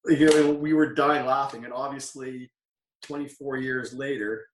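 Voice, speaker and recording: A man's voice: mid-range voice, fairly even intonation, unhurried, distant mic. A Canadian man in his forties telling stories as a guest in a casual interview, rambling and correcting himself as he goes. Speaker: guest, former wrestler. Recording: roomy, off-mic sound.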